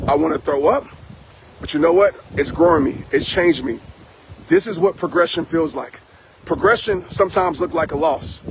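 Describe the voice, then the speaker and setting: A man's voice: high voice, noisy background. A man giving an intense, emphatic motivational talk to a live chat outdoors, repeating his key lines like a preacher. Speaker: motivational speaker. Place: outdoors after a trail run.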